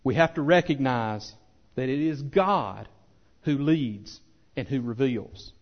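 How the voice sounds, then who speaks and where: A pastor preaching a sermon with impassioned swells that drop to soft, earnest appeals. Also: male voice, medium pitch, lively intonation, slow, dull audio. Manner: impassioned preaching, rising loud then softening.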